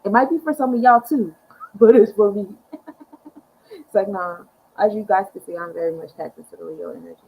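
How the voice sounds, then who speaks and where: A woman's voice: medium pitch, fairly quick, pauses often, darkish tone, slight background noise, poor audio. A young woman hosting an astrology show, chatting casually in an upbeat, slangy, laid-back way. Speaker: astrology podcast host. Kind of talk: casual chat.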